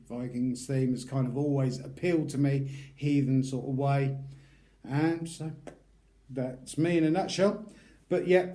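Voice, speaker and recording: Middle-aged British YouTuber with a mellow, relaxed voice; loose and informal, talking through a review. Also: male voice, medium pitch. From United Kingdom. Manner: chatty, rambling, loose and informal. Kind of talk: casual product review.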